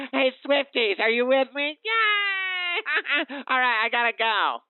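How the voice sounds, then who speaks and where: A man putting on a deliberately poor impression of a young female pop star, giggling and slow. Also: extremely high pitch, expressive, clean tone, no room sound, pitched above the performer's own voice, full character voice. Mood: giggly. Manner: slow, giggly, jokey fake voice. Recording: phone-like lo-fi sound.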